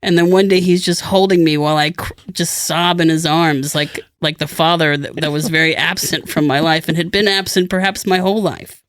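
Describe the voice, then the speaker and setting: A man's voice: fairly high pitch, steady tone, fairly quick, a bit bright, clear, resonant tone. A middle-aged man co-hosting a casual podcast, telling a long rambling anecdote and acting out the people in it. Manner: rambling storyteller who acts out quoted people. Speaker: podcast co-host. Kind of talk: casual chat.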